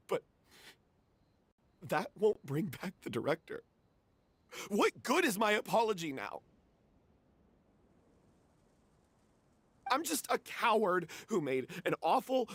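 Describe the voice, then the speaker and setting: A man's voice: high voice, a bit bright, husky, no room sound, full character voice. An actor voicing a remorseful male troupe member who confesses his mistake and blames himself. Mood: despairing. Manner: confessional, self-reproaching. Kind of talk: game voice acting.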